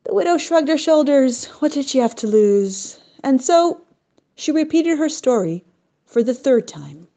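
Woman storyteller, scripted narration, lively pitch, slow delivery, expressive.

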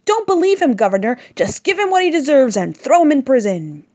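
A woman's voice: sits high, very animated, brisk, darkish tone, pitched above the performer's own voice. A woman reading the part of a scornful, spiteful male palace manager who speaks in an accusing way.

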